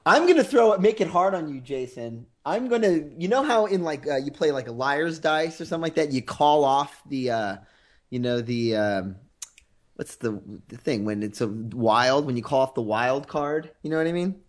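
A man's voice: a little high, expressive, normal speed. A man co-hosting a podcast in casual chat, joking around and hesitating with fillers. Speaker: podcast co-host.

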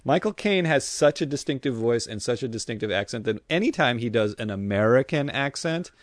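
A man's voice: medium pitch, expressive, a little fast, no room sound, studio quality. A man co-hosting a podcast in casual chat, rambling with frequent stammers and restarts. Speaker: podcast co-host.

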